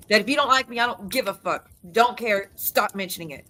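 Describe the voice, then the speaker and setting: A middle-aged woman vlogger delivers an angry, profane rant to her audience, her voice bright and forceful and pitched slightly high. She keeps breaking off and restarting her sentences as she pushes through. A faint background hiss sits under the recording. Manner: heated, profane, rapid restarts and self-interruptions. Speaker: YouTube creator. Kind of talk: ranting monologue to viewers.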